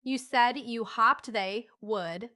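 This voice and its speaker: A woman reading an audiobook voices an excitable, bossy young boy who exclaims eagerly. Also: on the high side, takes it slowly. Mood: insistent.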